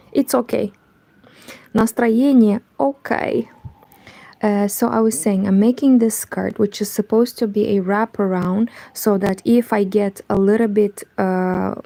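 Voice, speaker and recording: A woman chatting softly in a hushed half-whisper at home, live-streaming and talking about her crochet. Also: mid-range voice, vocal fry, no echo, rough recording. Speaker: crochet vlogger. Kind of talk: quiet live-stream chat.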